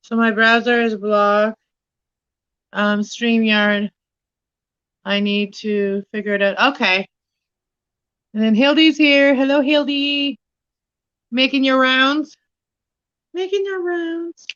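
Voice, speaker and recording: Woman, slightly high voice, rambling chatty livestream host, baking in a kitchen, dull lo-fi audio. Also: fairly even intonation, slow pace, pauses often, fairly bright tone, clear, resonant tone. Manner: rambling, chatty, easily distracted. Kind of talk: casual home livestream chat. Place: home kitchen.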